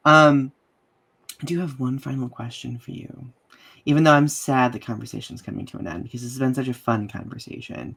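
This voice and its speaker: A man hosting a podcast interview in a casual style, warm, affirming and enthusiastic toward his guest. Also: mid-range voice, steady tone, a little fast, gravelly, slightly rough. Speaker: podcast host.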